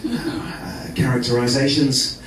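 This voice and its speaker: A male stand-up comedian performing on a club stage, self-mocking and halting, with lots of fillers. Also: mid-range voice, big pitch swings, fairly bright tone, slight background noise. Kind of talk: stand-up set. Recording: echoey club from far off.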